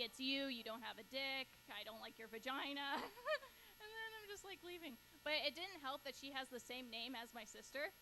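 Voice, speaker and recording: Woman, stand-up comic, young adult, bright voice, blunt, profane, faint background noise. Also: sits high, rough recording. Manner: laughs through her own punchlines, blunt and profane. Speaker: stand-up comedian. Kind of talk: stand-up set.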